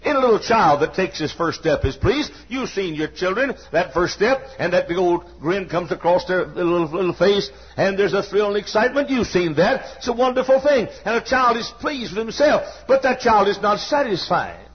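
A middle-aged man preaching a sermon to a church congregation, telling folksy family stories and breaking into sudden shouts. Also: high-pitched, expressive, normal speed, hardly any pauses, breathy edge, muffled recording. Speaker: pastor. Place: church sanctuary.

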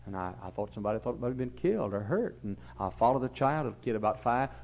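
A man in the pulpit, preaching with folksy stories and acted-out voices. His voice rises from quiet asides into loud, fervent bursts. The recording sounds slightly dull. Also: medium pitch, lively intonation, quick pace, gravelly. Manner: folksy storytelling, acts out voices, swings loud and soft. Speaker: pastor. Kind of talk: fiery sermon. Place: church.

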